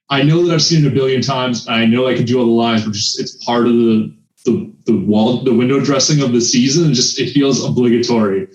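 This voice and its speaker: A man's voice: mid-range voice, reverberant, lo-fi sound. A man chatting as a podcast guest, easygoing and agreeable, answering in short replies. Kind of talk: casual chat about films.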